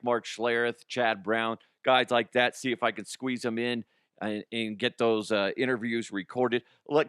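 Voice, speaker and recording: Host of a sports talk show, a man who rambles and laughs at himself in casual chat. His voice is bright and forceful and sounds dry and close to the mic. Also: mid-range voice, dry recording. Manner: rambling and self-mocking, laughs often.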